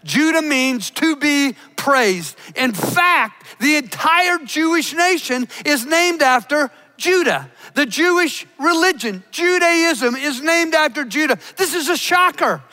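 A man preaching a sermon, emphatic, slowing down to stress key words. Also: very high voice, lively intonation, pushed and bright. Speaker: pastor. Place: church.

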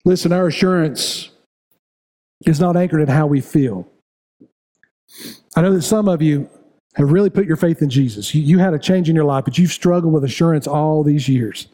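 A man's voice: a little high, normal speed, long pauses, dark tone. A middle-aged man preaching a sermon as pastor, building to raised, repetitive appeals to his congregation. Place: church sanctuary.

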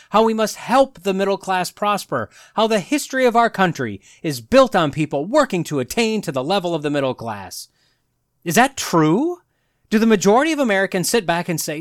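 A man's voice: high-pitched, sing-song, normal speed, no echo, clean studio sound. A man hosting a solo commentary podcast, talking with sarcastic, mocking asides. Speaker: podcast host.

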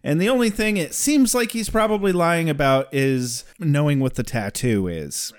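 A man's voice: fairly high pitch, lively intonation, moderate pace. A man co-hosting a casual podcast, recapping a TV episode, laughing often and putting on silly voices. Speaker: podcast co-host.

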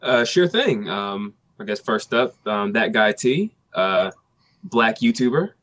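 A man guesting on a livestream, speaking in a measured way with many fillers. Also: lowish voice, sing-song, a bit bright, no echo. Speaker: guest YouTuber. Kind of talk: casual livestream discussion.

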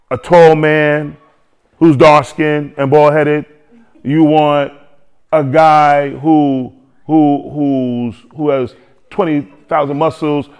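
A man preaching a sermon to a congregation, lively, with joking asides and repeated phrases. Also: fairly high pitch, clear, resonant tone. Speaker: pastor.

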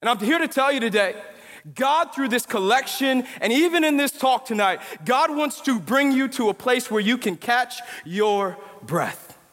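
A man's voice: very high voice, animated, normal speed, a bit bright, long reverb tail. A young man preaching as pastor, telling a story in casual slang and building to emphatic points. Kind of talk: sermon. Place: church sanctuary.

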